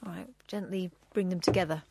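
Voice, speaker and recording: A woman's voice: lowish voice, fairly even intonation, fast, creaky, background noise. Dry-witted female co-host. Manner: dry, sarcastic quips. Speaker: radio co-host. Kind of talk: late-night talk radio chat.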